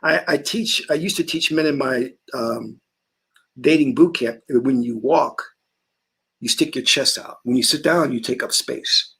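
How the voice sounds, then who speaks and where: A man's voice: medium pitch, unhurried, a bit bright, breathy edge. A man hosting a casual talk stream, telling stories in an emphatic way. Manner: emphatic storytelling. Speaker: host.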